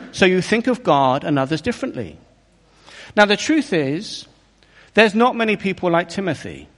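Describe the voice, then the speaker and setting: A man preaching a sermon in an earnest, emphatic way, often asking his listeners rhetorical questions. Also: sits high. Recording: long reverb of a hall.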